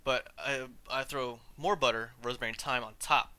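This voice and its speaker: A man hosts a podcast in a loose, rambling rant full of swearing and side tangents. His voice is very bright and sharp, with a smooth, crisp clarity, and his pitch sits in the middle range. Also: steady tone, normal speed. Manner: rambling and profane, trailing off into asides. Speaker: podcast host. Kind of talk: casual ranting chat.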